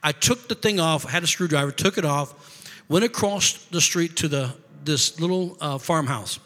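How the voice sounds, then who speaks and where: A man with a somewhat high voice tells a personal story in a loose, rambling way. He stops and restarts phrases and repeats his words as he goes. A long reverb trails after his voice. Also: moderate pace, fairly bright tone. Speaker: guest telling a personal story. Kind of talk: casual spoken storytelling.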